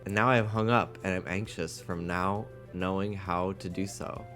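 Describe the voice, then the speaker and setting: A man's voice: sits low, steady tone, normal speed, over music. A man streaming live, chatting casually and jokingly reading viewers' messages aloud. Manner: chatty, jokey, reads chat aloud.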